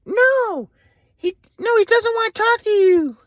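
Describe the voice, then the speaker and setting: A man doing a shrill, furious mother. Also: animated, unhurried, no room sound, studio quality. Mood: contemptuous. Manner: shrill, yelling insults. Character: harsh angry mother, middle-aged woman.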